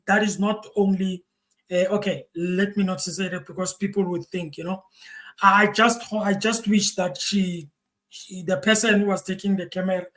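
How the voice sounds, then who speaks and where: A man's voice: high voice, a bit bright, rough recording. A man hosting a reaction video, talking casually to viewers with many repeated words and restarts. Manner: repetitive, stammering restarts, chatty asides to viewers.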